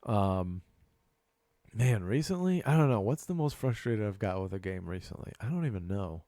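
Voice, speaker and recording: A man co-hosting a casual video game podcast, swearing freely and acting out the shouting gamers he tells about. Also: on the low side, expressive, moderate pace, no room sound, clean studio sound. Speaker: podcast co-host. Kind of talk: casual chat.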